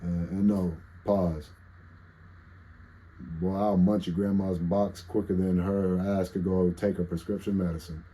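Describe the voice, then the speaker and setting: A congested man, stuffed up with allergies, rambles through a profane story in a casual vlog monologue, often interrupting himself. His nasal voice is low-pitched, mellow, and breathy, delivered flatly and unhurriedly on a low-quality recording.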